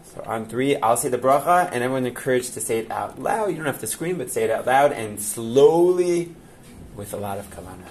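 Animated, coaxing male Torah teacher. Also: mid-range voice, brisk, a little hiss or hum. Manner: animated and emphatic, coaxing a group along with frequent "okay?". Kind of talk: classroom Torah lesson, guiding a blessing.

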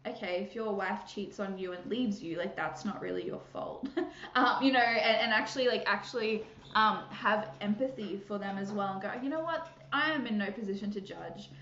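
A woman's voice: mid-range voice, a bit bright, a little hiss or hum. A woman hosting a casual Christian podcast, bubbly and chatty, laughing often and filling gaps with fillers and restarts. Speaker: podcast host. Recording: echoey room, muffled sound.

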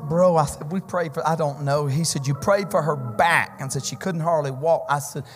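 Pentecostal preacher guy telling healing stories, gets loud and sing-songy, big echoey church, keyboard behind. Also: a little high, moderate pace. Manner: storytelling, builds to shouting, sing-song climaxes. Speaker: visiting preacher. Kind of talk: Pentecostal sermon testimony. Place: church sanctuary. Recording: church hall reverb with keyboard music.

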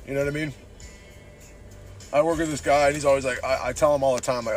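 A man from San Diego rants through a casual podcast while driving, rambling and profane, dropping "dude" into nearly every thought. His voice sits in an ordinary middle register. Soft music plays faintly behind him. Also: medium pitch, fairly even intonation, quick pace, pauses often. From San Diego, Southern California. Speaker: podcast host.

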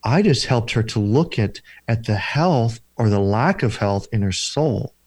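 A man's voice: medium pitch, animated, measured pace, darkish tone, husky, no room sound. Man, deliverance minister, interview storytelling, earnest, repetitive preaching cadence, dry sound.

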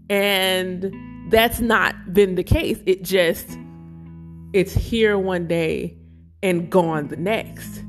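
A woman speaking slowly and emotionally about her spiritual life, close to tears at times. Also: fairly low pitch. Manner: slow, emotional, searching, near tears. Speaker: spiritual vlogger. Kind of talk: reflective personal talk.

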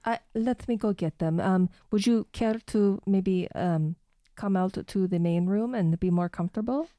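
A woman's voice: medium pitch, moderate pace, warm tone, dry recording. A woman playing a tabletop game in character, polite and hesitant. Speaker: player.

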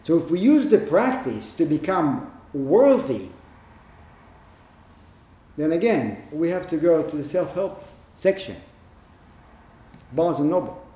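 Man, Zen teacher, dharma talk, emphatic and plain-spoken, mellow slightly high voice, roomy echo. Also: very animated. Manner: plain-spoken, emphatic, with pauses and rhetorical questions. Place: meditation hall.

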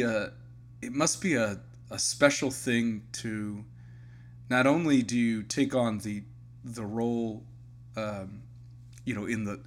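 A man's voice: on the low side, a little hiss or hum. Earnest man in casual podcast talk. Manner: earnest, reflective, addresses co-host directly. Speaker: podcast co-host. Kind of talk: casual chat.

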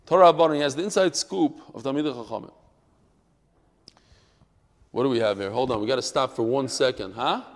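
A man teaching a Talmud class, swinging from quiet asides to loud, emphatic outbursts. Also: medium pitch, fairly quick, long pauses, in a large hall. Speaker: Torah teacher.

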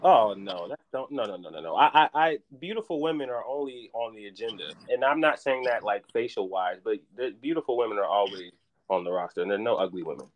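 A man with a fairly low voice, teasing his co-host in a loose, playful podcast chat. He mixes ribbing with sports talk and draws his points out. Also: lively intonation, fast talker.

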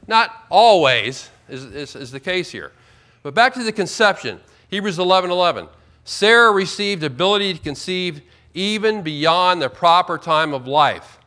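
A man preaching a sermon as pastor, emphatic, slowing right down to stress key words. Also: on the high side, sharp tone. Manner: emphatic, with slow drawn-out stresses.

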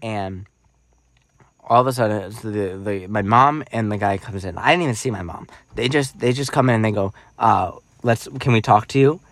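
A man co-hosting a podcast, telling a childhood story in casual chat, animated and acting out quoted voices with many restarts. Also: on the low side, normal speed, no echo. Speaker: podcast co-host.

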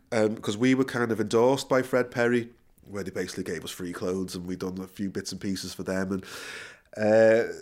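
A middle-aged man, a musician guest, telling a story in a casual interview, laughing and correcting himself as he goes. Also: fairly low pitch. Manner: animated storyteller, quick self-corrections, frequent laughter.

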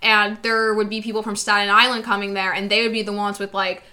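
A young woman from New Jersey with an American accent, trading casual remarks in conversation. Her voice is bright and mid-pitched. She reacts fast with short, dry quips. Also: flat delivery. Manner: quick reactive quips and interjections. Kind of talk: casual chat.

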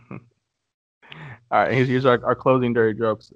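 A man's voice: mid-range voice, fairly even intonation, unhurried, no echo, muffled recording. A man hosting a casual podcast, telling crude jokes and laughing through his own punchlines. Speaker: podcast host.

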